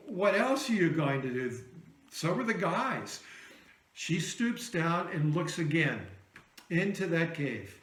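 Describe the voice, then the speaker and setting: Male pastor, slow high-pitched storytelling sermon, echoey sanctuary. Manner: storytelling preacher, dramatic drops to soft voice for quoted words. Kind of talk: Easter sermon.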